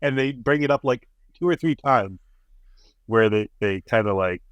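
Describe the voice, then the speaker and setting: A man's voice: medium pitch, moderate pace, smooth, dry recording. Chatty male podcast co-host. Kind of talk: casual review chat.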